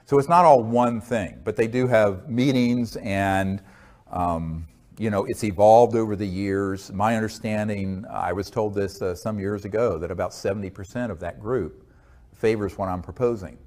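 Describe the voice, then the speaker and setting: Earnest low-voiced American man. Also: a little mellow. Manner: earnest, measured storytelling. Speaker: interview guest. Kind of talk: conversational interview answers.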